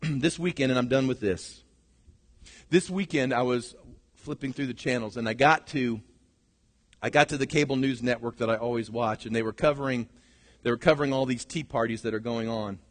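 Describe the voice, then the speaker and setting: A middle-aged male pastor preaching a sermon, swinging from shouted lines to hushed ones. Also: mid-range voice, normal speed. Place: church sanctuary. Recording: long reverb of a large hall.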